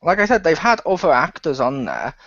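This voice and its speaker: A man's voice: fairly high pitch, sing-song, a little fast, fairly bright tone, no echo. A man co-hosting a casual podcast chat, often correcting the others on details. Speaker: podcast co-host. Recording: dull, dry lo-fi podcast audio.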